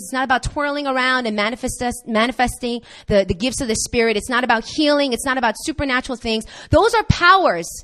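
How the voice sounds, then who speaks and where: A woman pastor preaching a sermon, telling a church story with lively acted-out quotes. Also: on the high side. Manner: animated storytelling, acts out quoted voices.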